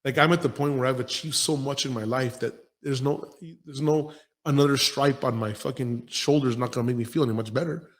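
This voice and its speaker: A man's voice: mid-range voice, fairly even intonation, a little fast. A man in his forties hosting a podcast, talking in a blunt, profane, rambling and intense way in a casual motivational monologue. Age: 40s. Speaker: podcast host and gym owner.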